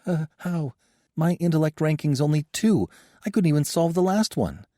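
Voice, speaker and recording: A man's voice: on the high side, animated, moderate pace, dark tone, dry recording, clean studio sound, voice pushed up, natural voice. A man voicing a timid young man who stammers and panics in fear. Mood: panicked. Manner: stammering, fearful.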